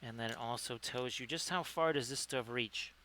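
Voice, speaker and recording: A man's voice: medium pitch, normal speed, sharp tone, a little hiss or hum. A man hosting a live-streamed miniature painting lesson. He talks in a chatty, upbeat way, greets viewers by name and corrects himself as he goes. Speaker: livestream host, painting tutor.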